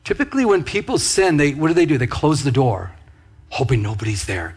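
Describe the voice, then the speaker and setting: A man preaching a loose, conversational sermon in a somewhat high, husky voice. He is animated and keeps turning to the congregation with quick asides, as if talking with them rather than at them. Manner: animated, talks straight to the congregation with frequent asides. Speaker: pastor.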